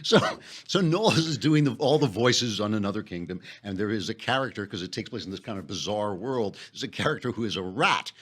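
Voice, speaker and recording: A man's voice: lowish voice, fast talker, hardly any pauses. Guy hosting a chat show, teasing and laughing a lot, voice bounces all over. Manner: teasing, laughs often, animated delivery. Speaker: host. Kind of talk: casual studio chat.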